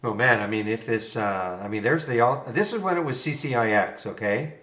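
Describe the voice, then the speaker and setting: A man's voice: mid-range voice, lively intonation, a little fast, fairly bright tone. A man hosting a live trading stream, thinking aloud in a rambling, chuckling, casual way. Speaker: trading room host. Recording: roomy echo.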